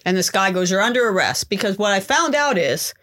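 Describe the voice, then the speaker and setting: A woman guest telling a story on a chat podcast. She talks casually and jumps into higher, louder voices whenever she quotes someone, then drops back to her plain, middle-pitched voice. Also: sing-song, fairly quick. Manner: acts out quotes in raised voices.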